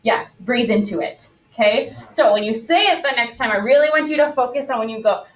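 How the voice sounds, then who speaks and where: A woman's voice: on the high side, expressive, a little fast, recorded from a distance, rough recording. A woman teaching a Spanish class, upbeat and coaxing as she leads the students through repetition drills. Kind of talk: classroom lesson.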